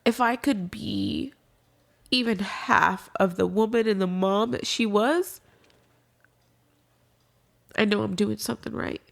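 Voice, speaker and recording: A woman's voice: medium pitch, takes it slowly, creaky, pauses often. A young adult woman as a podcast guest, talking candidly and casually about grief, swearing freely and trailing off into restarts.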